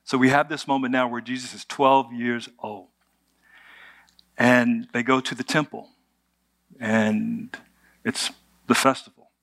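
A man's voice: mid-range voice, level tone, a little slow, creaky, pauses often, a bit bright. Conversational male preacher. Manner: conversational, humorous, with rhetorical questions. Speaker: pastor. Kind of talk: sermon.

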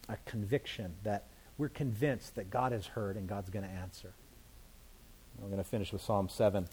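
A man's voice: mid-range voice, warm tone. A man, a pastor, teaching through scripture verse by verse in a conversational sermon, explaining it in plain everyday words.

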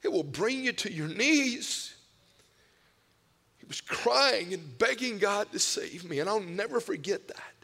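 A man preaching a sermon, telling personal stories with emotional swings from hushed whispers to loud cries. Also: high voice, animated, unhurried, gravelly. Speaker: pastor. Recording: long hall reverb.

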